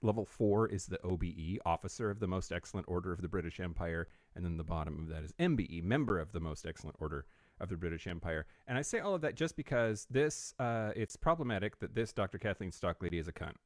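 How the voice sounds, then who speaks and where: A man co-hosting a podcast in a studio, reading news with wry, sardonic asides. His pitch moves around a lot as he talks. The sound is dry, with little room in it. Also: lively intonation, quick pace, no echo. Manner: wry, reads news quotes, frequent fillers. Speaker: podcast co-host. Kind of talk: casual news chat.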